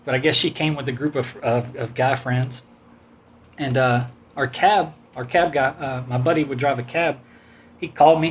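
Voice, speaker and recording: A man's voice: medium pitch, normal speed, slight background noise. A man casually telling a long, rambling personal story, often quoting others and laughing along. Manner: rambling, animated anecdote with quoted voices and laughs.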